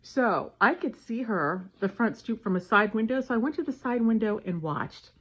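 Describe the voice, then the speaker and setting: A woman casually telling a family story and giving parenting advice, animated and acting out the dialogue. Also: on the high side, moderate pace, slightly rough. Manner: animated retelling with voiced dialogue. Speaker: parenting vlogger. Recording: dull lo-fi sound.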